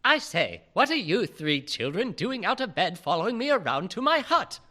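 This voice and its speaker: A man putting on a big, gruff, bumbling male half-giant groundskeeper who scolds the kids and spills secrets. The voice stays lively and bright, a goofy improvised comedy-podcast take on the character. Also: sits high, normal speed, full character voice.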